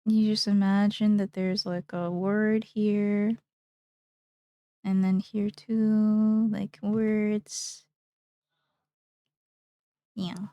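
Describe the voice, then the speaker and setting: Young woman chatting on her art stream, kinda slow and drawn out, rambly and playful, dead dry room. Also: medium pitch, flat delivery, warm tone, clear, resonant tone, dry recording, muffled recording. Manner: rambling, playful, thinks aloud. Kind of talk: casual chat while drawing on stream.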